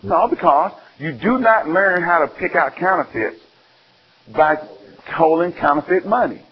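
A man from Alabama, preaching an animated sermon full of questions to his listeners. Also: a little high, a little slow. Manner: animated, call-and-response, exclaiming. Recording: dull lo-fi sound.

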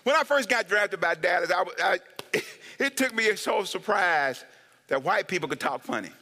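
A pastor delivers a humorous sermon in a high voice at normal speed, animated and laughing often. He whoops with shouts of woo and calls for amens, and the audio has a long reverb tail.

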